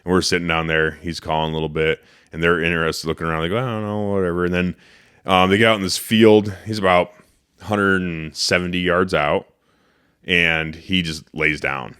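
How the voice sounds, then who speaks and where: A man's voice: low-pitched, moderate pace, clear, resonant tone. A man hosting a podcast, telling a story casually and animatedly, swearing and acting out what he said. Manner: animated, profane, acts out his own quotes. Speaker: podcast host.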